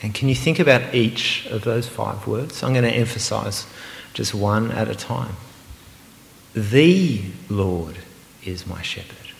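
A man preaching a sermon, earnest and emphatic, sometimes slowing to a hushed, meditative repetition. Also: on the low side, vocal fry. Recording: roomy hall with long reverb.

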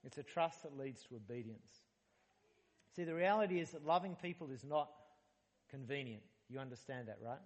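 A man's voice: medium pitch, animated, normal speed, in a large hall. A man preaching a sermon in a conversational, humorous way, asking his listeners questions. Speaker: pastor. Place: church hall.

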